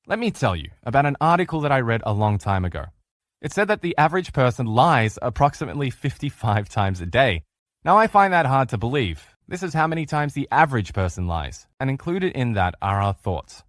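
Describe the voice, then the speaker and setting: Man, middle-aged, relationship coach, earnest lesson delivery, animated pitch, dry close sound. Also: fairly quick, no echo. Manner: earnest, coaching, acts out quoted replies in changed voices. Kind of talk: recorded training lesson.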